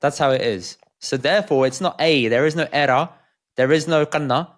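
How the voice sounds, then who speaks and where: Relaxed, emphatic male podcast co-host. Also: fairly high pitch, brisk. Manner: relaxed, emphatic, laughs easily. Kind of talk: casual chat.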